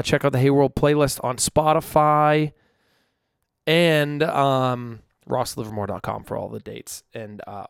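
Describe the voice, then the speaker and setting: A man's voice: mid-range voice, vocal fry, smooth, no echo, clean studio sound. A young man hosting his own podcast alone in his room, chatting casually into a microphone in a rambling, self-deprecating way. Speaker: podcast host. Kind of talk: casual solo podcast chat. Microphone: studio microphone.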